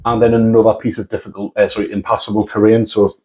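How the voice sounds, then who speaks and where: A man's voice: lowish voice, little pitch movement, quick pace, darkish tone, rough recording. A man co-hosting a tabletop wargame battle report, talking casually and correcting himself as he goes. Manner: easygoing, rambling, self-correcting. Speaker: co-host of a tabletop wargaming channel. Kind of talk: casual chat.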